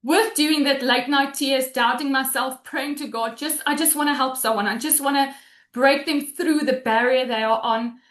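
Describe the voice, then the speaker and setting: Woman, high voice, tearful heartfelt testimonial, video call from an echoey room. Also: steady tone, moderate pace, a bit bright. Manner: heartfelt, close to tears, with restarts. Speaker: guest sharing a testimonial. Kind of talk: emotional personal testimonial on a webinar.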